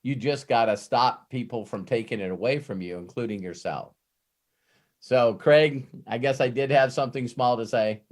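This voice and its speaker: A man's voice: medium pitch, moderate pace, a little mellow. Man, motivational speaker, storytelling, filler-heavy delivery, earnest, video call audio, mid-range voice. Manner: retells stories with many "uh" fillers, ends with an earnest pep talk.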